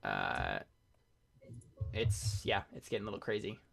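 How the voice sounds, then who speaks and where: A man narrating and running a tabletop game, talking in a casual way that trails off into low mumbles. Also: huge pitch swings, unhurried, creaky, a bit bright. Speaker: game master.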